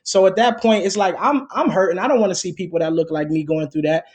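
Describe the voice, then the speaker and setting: A man's voice: sits high, fast. A man speaking as a guest in a casual conversation, rambling with lots of fillers and restarts.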